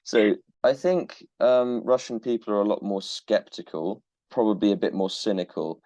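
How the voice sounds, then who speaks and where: A man's voice: lowish voice, moderate pace, darkish tone, no echo. A man from Cornwall, a tutor being interviewed, answering thoughtfully with frequent restarts. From Cornwall, England.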